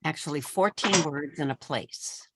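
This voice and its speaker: A woman's voice: low voice, a little slow, heavy background noise. A woman leading a poetry workshop, patiently explaining each step to her participants. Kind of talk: giving workshop instructions.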